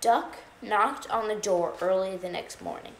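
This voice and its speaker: A woman with a gravelly edge reads a children's picture book aloud, lively and playful. Her voice sits at a middle pitch and carries an echoey room with faint noise behind it. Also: unhurried. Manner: expressive read-aloud with funny animal sounds and asides. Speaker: storytime reader.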